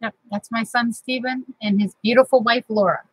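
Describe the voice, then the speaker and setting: Husky middle-aged woman chatting. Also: on the high side, fairly even intonation, normal speed, no room sound, low-quality recording. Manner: chatty, rambling and sentimental. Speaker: crafting channel host. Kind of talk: casual craft vlog chat. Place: home craft room.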